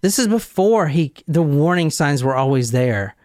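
Heated, profane podcast host, dry sound. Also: male voice, on the high side, animated, normal speed, a little mellow, dry recording. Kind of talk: casual podcast chat. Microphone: studio podcast mic.

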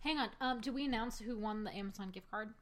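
A woman co-hosting a casual podcast, upbeat and quick to laugh as she reads listener comments. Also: on the high side. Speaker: podcast co-host. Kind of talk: casual chat.

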